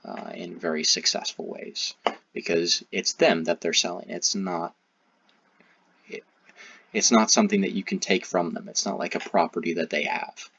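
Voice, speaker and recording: A man giving critical commentary in a halting, hesitant way, with frequent restarts. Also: low voice, steady tone, gravelly, pushed and bright, breathy edge, no room sound. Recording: dull, muffled recording.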